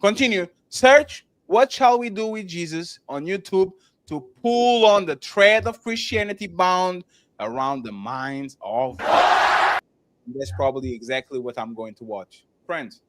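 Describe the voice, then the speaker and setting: Stammering live-stream host, dry sound. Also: male voice, high voice, animated, a little slow, dry recording. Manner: loose and joking, stammers through restarts, thanks viewers by name. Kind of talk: casual live-stream chat.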